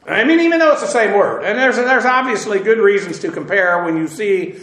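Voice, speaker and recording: A man's voice: high voice, expressive, fairly quick, a bit bright. A man teaching verse by verse through a Bible passage, talking conversationally and stressing his points with emphatic asides. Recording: roomy echo.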